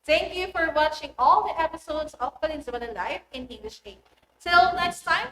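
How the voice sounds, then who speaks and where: A woman teaching an online English lesson, speaking in a clear and deliberate instructive manner. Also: sits high. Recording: echoey room with faint noise.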